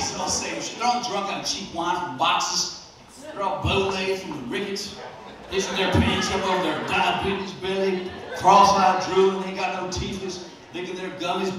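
A man's voice: sits high, little pitch movement, moderate pace, crowd noise. A man from West Virginia doing a stand-up comedy set in a club, brash, profane and mocking. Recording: echoey club from far off.

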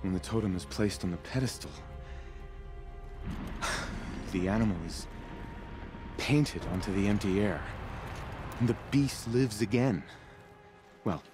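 A low-voiced, earnest tribal scholar, as voiced by a man, from a video game. He tells old lore slowly and reverently, like a keeper of a shrine. Game music plays clearly behind him. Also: natural voice. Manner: reverent, measured storytelling.

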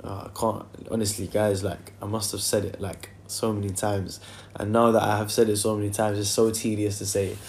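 A man's voice: lowish voice, level tone, brisk, slight background noise. A young man, chatting casually on a phone livestream and reading out viewer comments in a loose, filler-heavy way. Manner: loose and chatty, many fillers, sings softly in between. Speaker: singer hosting a livestream.

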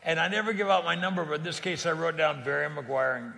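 A man's voice: on the high side, steady tone, quick pace, creaky, bright, forceful tone, in a large hall. A man from California, a guest in a casual interview, telling stories in an earnest, plain-spoken way with frequent restarts. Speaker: guest evangelist.

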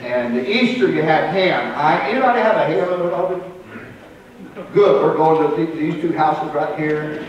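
A pastor preaching a sermon, swinging between loud and soft and repeating words. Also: male voice, on the high side, normal speed, lo-fi sound, a little hiss or hum. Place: church sanctuary. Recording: roomy live church recording from a distance.

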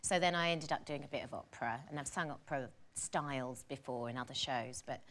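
A young woman with a posh English accent that slips into Cockney, chatting as a guest on a talk show, giggly and animated. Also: very deep voice, a little fast. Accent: posh English slipping into Cockney. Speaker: actress guest. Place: television studio with audience.

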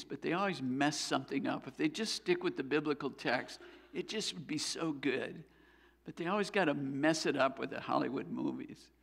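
A man's voice: on the high side, creaky, husky, in a large hall. A man preaching a sermon as pastor, earnest and building to fervent exhortation. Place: church sanctuary.

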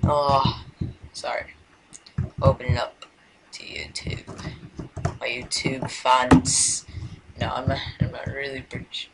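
A man's voice: mid-range voice, flat delivery, slow pace, pauses often, very noisy. A man giving casual let's-play commentary, rambling and hesitant, now and then dropping to a mumbled whisper. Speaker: gameplay commentator.

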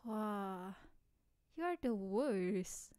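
Woman doing a cocky tomboy bff, teasing, slow easy talk, dry close mic, asmr roleplay. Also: mid-range voice, animated, darkish tone, clean tone, no echo. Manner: teasing, playful, laughs often. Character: energetic teasing tomboy childhood best friend, young woman. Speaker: ASMR voice actress. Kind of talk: ASMR role-play.

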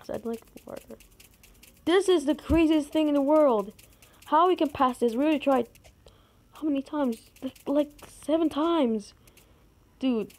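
A woman giving gameplay commentary, excitable, with sudden high outbursts. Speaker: gamer.

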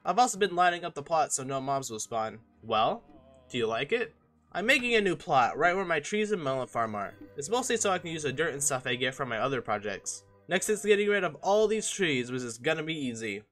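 A man's voice: on the high side, big pitch swings, fairly quick, a bit bright, soft background music. A young man giving a casual, joking and self-mocking voice-over on his own gameplay footage. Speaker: gaming channel host.

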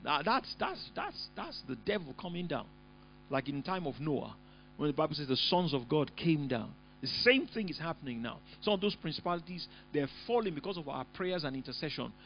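A man preaching a sermon as pastor, emphatic, often rising into loud bursts. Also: fairly high pitch, very animated, fairly quick, vocal fry, slight background noise. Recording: dull lo-fi recording.

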